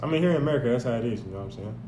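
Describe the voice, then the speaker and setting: A man co-hosting a casual comedy wrestling podcast, chiming in with deadpan agreement and mock-solemn plugs for the show. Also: mid-range voice, very fast, lo-fi sound. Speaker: podcast co-host. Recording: echoey room with faint noise.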